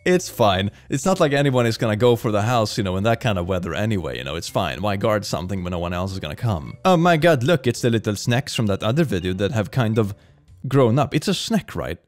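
A young man giving a jokey, excitable reaction commentary, often gasping and laughing. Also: fairly low pitch, fast talker, faint music behind. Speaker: reaction video host.

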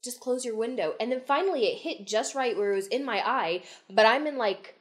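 A woman's voice: on the high side, lively intonation, brisk. A young woman co-hosting a podcast, chatting casually in a wry, teasing way and acting out her own reactions. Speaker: podcast co-host. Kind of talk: casual chat.

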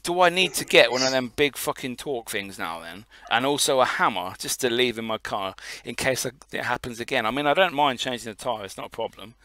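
A man's voice: medium pitch, brisk, few pauses, no echo. A man co-hosting a podcast, chatting casually and swearing freely as he tells stories. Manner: sweary, animated storytelling. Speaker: podcast co-host. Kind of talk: casual chat.

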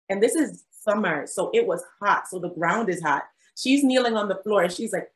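A woman's voice: mid-range voice, moderate pace, rough recording. A young adult woman, a physician guest, telling a story in a casual interview, acting out quotes and laughing often. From South Jersey.

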